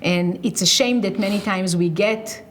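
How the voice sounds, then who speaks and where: A woman's voice: medium pitch, moderate pace, slight background noise. A woman hosting an interview, earnestly explaining ideas step by step and checking in with rhetorical questions. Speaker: podcast host.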